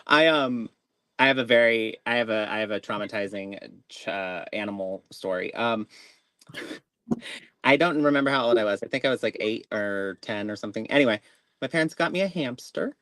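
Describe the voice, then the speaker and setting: A man hosting a casual live psychic stream, animated and laughing as he tells stories and reads tarot cards. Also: on the low side, normal speed, smooth, no room sound. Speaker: psychic reader host.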